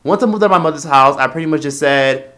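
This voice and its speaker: A man's voice: fairly high pitch, quick pace, a bit bright. Blunt profane man venting. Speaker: vlogger. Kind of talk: casual personal rant.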